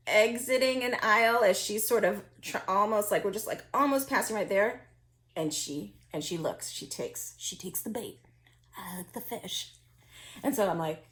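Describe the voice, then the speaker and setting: Her voice sits at a medium pitch with a slightly bright tone. This vintage reseller chats casually through a story, full of fillers and restarts, and laughs often along the way.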